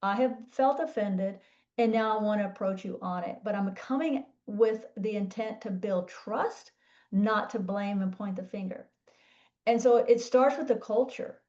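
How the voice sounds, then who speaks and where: A woman's voice: mid-range voice, measured pace, a little mellow, recorded from a distance, highs cut off. A woman speaking as a guest coach in a panel discussion, earnest and explanatory.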